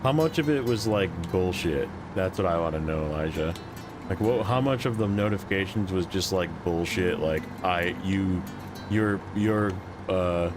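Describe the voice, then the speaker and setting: A man streaming a game, chatting casually with viewers in a rambling, joking way full of fillers. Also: low-pitched. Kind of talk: casual gameplay chat with chat.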